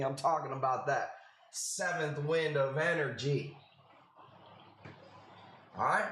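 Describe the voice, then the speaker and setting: A man hosts a live stream in a relaxed, slangy way and greets viewers as they join. His voice sits on the higher side. The recording has a roomy echo with faint ambience behind it. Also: a little hiss or hum. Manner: laid-back, slangy, greets viewers by name. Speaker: live stream host selling corals. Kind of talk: casual live-stream chat. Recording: echoey room with faint ambience.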